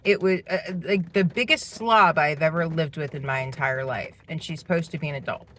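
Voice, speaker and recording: A woman's voice: low voice, fairly quick, fairly bright tone. A middle-aged woman venting indignantly as she tells a personal story about her household. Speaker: parent telling a personal story. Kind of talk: personal vlog monologue.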